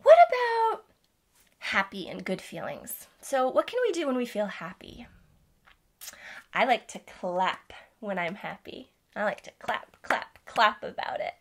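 A woman hosting a children's music lesson, speaking to toddlers in a gentle, playful way. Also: medium pitch, sing-song, measured pace. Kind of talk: teaching toddlers with songs.

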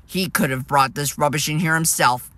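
A man's voice: fairly high pitch, moderate pace, sharp tone. A man voicing a grumpy, boastful male diesel engine who talks with a sneer. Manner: sneering and scornful.

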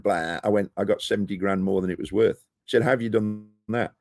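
A middle-aged man from the United Kingdom talks casually in an interview, his voice low and gravelly with a husky edge. He spins lively anecdotes and slips into the voices of the people he quotes. The sound is close and dry. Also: fast, dry recording. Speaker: guest, property investor. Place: rooftop terrace outdoors.

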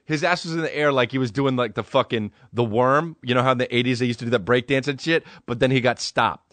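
A man's voice: medium pitch, quick pace, a bit bright, no room sound. A young adult man hosting a podcast, telling rambling comedic stories in a laid-back, profane way. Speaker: podcast host. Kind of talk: comedic storytelling monologue.

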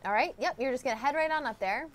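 Upbeat woman chat-reader, bright high-ish voice, faint hiss behind. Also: fast talker. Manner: bubbly, upbeat, reads chat messages aloud. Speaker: co-host reading the live chat. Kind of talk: casual live stream chat.

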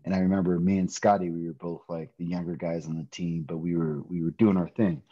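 A middle-aged man telling a personal story in a podcast interview, animated, often laughing and acting out quoted voices. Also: deep voice, a little fast, no room sound, muffled recording. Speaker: interview guest, pro wrestler.

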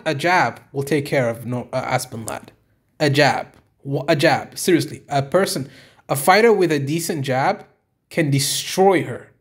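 A man giving an exasperated, profane review of a fight, swearing and repeating himself. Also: mid-range voice.

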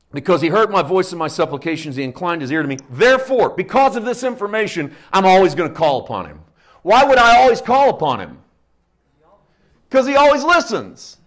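A middle-aged man preaching a sermon, dropping into hushed low asides and rising to loud emphatic peaks. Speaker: pastor.

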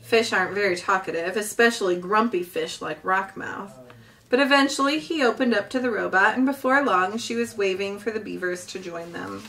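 A woman reading a children's novel aloud with gentle, expressive storytelling. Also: mid-range voice, moderate pace, distant mic. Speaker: storybook reader.

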